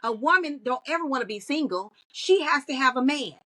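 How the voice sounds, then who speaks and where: A woman, a guest in a podcast interview, talking in an animated storytelling way. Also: high-pitched, brisk, poor audio. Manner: animated storytelling, acts out quoted voices. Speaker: guest, content creator.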